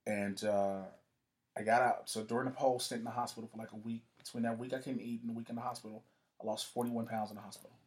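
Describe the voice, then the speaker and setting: Fast and mid-range, a guest's voice carries a story through a casual conversation. He swears openly, stays animated, and acts out the voices of the people he's quoting.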